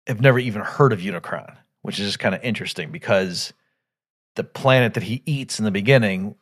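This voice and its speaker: A man with a fairly low voice hosts a podcast, talking loosely through an old animated film. He thinks aloud, doubles back on his own sentences and jumps into loud bursts when he quotes the characters. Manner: rambling, thinks aloud with many restarts; acts out quoted lines with sudden loud jumps. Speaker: podcast host. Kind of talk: casual film commentary.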